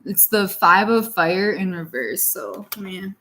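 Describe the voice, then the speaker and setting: A woman's voice: medium pitch, unhurried, pushed and bright. A young adult woman giving a casual tarot reading, talking in a blunt, profane, tough-love way. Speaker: tarot reader.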